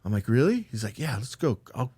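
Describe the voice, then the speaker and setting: A man's voice: fairly low pitch, fairly quick, darkish tone, slightly rough, dry recording. A man telling a personal story as a podcast guest. He talks casually, saying "like" and "dude" a lot, and he acts out the quoted lines in a raised voice. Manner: loose, rambling, with lots of "like" and "dude".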